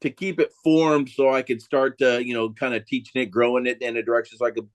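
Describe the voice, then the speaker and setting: A man's voice: medium pitch, level tone, fast, no room sound. A man co-hosting a casual chat, rambling hesitantly with many restarts. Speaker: podcast co-host.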